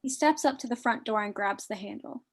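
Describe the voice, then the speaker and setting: A woman reads out the stage directions clearly and steadily in a live online script reading. Her voice sits a little high for a woman, and her delivery stays even from line to line. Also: a little fast, a little hiss or hum. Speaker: narrator of the stage directions and co-host.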